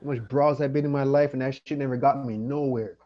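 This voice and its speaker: A Jamaican man running his channel rants on a livestream, swearing, annoyed and saying the same things over, since he's tipsy on liquor and weed. His mid-range voice holds a steady tone at a quick pace, and the audio is dull.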